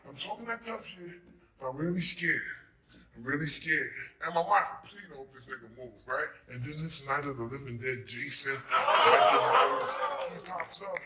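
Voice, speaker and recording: A middle-aged man with a Brooklyn accent performs a profane, animated one-man stage story, acting out each scene. His voice sits fairly high for a man. The room is echoey, with loud noise and clicks in the background. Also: moderate pace. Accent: New York, Brooklyn.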